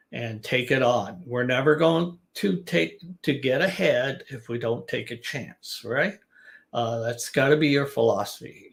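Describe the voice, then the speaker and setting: A man teaching business English in a relaxed live-stream lesson, giving advice in a conversational way. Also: medium pitch, gravelly.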